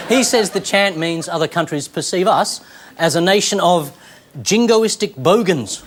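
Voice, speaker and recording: A man's voice: high voice, animated, a little slow, very noisy. A man with an Australian accent hosting a satirical news comedy show, delivering a punchy, sardonic monologue with mock-grand flourishes. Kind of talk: stand-up style news monologue. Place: television studio with live audience. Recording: loud studio audience laughter and applause.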